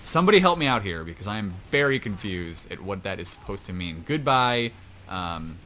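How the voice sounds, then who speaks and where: Low-voiced rambling male game caster. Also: sing-song, a little fast, pushed and bright, a little hiss or hum. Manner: rambling, chatty, self-mocking asides. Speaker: esports shoutcaster. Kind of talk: casual play-by-play game commentary.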